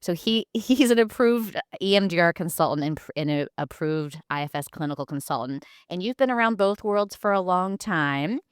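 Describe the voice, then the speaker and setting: Low-voiced enthusiastic woman host. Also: animated, moderate pace, few pauses, clean tone, no room sound, studio quality. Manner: warm, enthusiastic, laughs often. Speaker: podcast host. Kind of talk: casual interview chat.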